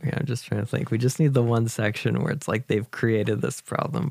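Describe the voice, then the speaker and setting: A man pitches story ideas in a laid-back way, thinking aloud as he goes. His voice sits in a middle range, and the recording is close and dry. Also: fairly even intonation, brisk, creaky, a little mellow, no room sound. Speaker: co-writer brainstorming. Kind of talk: casual chat.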